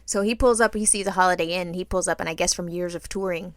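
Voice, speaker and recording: A woman co-hosting a podcast, telling an animated, laughing story in casual chat and swearing freely. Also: lowish voice, fast, no echo, clean studio sound. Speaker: podcast co-host.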